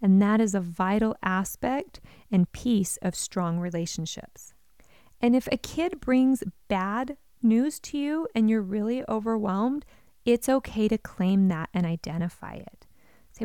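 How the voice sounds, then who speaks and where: A woman's voice: medium pitch, a little slow, dark tone, clean tone, no echo, clean studio sound. A woman giving parenting advice, speaking earnestly and encouragingly straight to the listener. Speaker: parenting educator.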